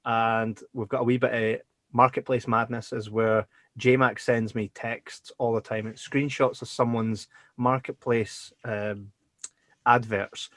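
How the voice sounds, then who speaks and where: A man's voice: mid-range voice, a little slow, no room sound. Scottish man, podcast co-host, casual banter, lots of swearing, dry close mic. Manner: swears freely, lively and jokey.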